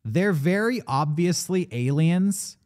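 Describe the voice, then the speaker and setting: A man with a somewhat high voice that swings up and down with a lot of life. He speaks as a podcast co-host in loose, casual chat, walking his friends through a movie plot and dropping into quick quoted lines. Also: expressive, a little mellow.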